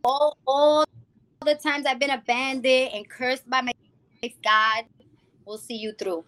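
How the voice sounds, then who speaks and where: A woman from the Bronx, giving a lively personal testimony as an interview guest and acting out the people she quotes. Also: high-pitched, takes it slowly. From the Bronx, New York. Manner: animated storytelling, acting out quoted people, calls the host "girl". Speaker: guest, music founder.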